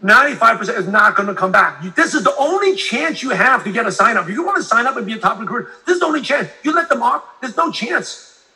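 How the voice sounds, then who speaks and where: A man with a high, piercingly bright voice coaches a live online audience on closing sales. He talks emphatically and repeats his points, tagging them with "right?" and answering viewer comments mid-flow. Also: very animated, quick pace. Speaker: sales trainer.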